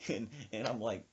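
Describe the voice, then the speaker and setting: A man hosting a podcast, telling a comic story in an animated way and laughing through it. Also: medium pitch, highs cut off, slight background noise. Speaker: podcast host.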